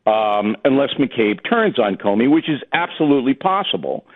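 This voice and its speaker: A man's voice: medium pitch, sing-song, normal speed. A man talking as a guest political commentator on talk radio, blunt and emphatic. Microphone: phone. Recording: tinny phone line.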